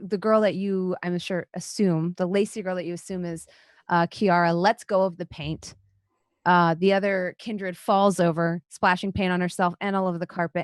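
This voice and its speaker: A woman's voice: on the low side, no echo, clean studio sound. A woman game master narrating a tabletop role-playing game in a casual, descriptive way, with plenty of fillers. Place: home, online session.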